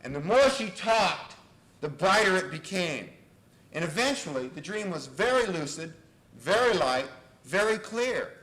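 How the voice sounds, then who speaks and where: Lively, bright-voiced male lecturer. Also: sits high, a little slow. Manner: animated, loud when acting out exchanges. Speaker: university lecturer. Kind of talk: lecture with case story. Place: lecture hall. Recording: old reel-to-reel tape, echoey lecture hall, faint hiss.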